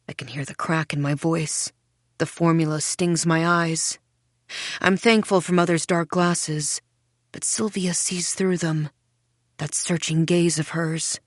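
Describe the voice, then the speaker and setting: A woman with a lowish voice reads a thriller audiobook in the first person. Her telling is wry, dark and measured, recorded close and dry with no room sound. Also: fairly even intonation, no echo. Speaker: audiobook narrator. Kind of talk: scripted first-person narration.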